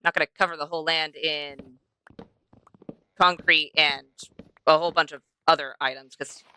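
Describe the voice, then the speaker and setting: A woman's voice: sits low, steady tone, moderate pace, bright, forceful tone, clear, resonant tone. A young woman streaming a game, chatting to herself and to the animals she passes as she plays. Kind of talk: casual gameplay commentary.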